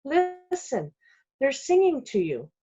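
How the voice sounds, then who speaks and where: A woman voicing a gentle, patient mother in a children's storybook, explaining things slowly. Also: high voice, very animated, pitched above the performer's own voice, exaggerated voice. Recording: dull lo-fi recording.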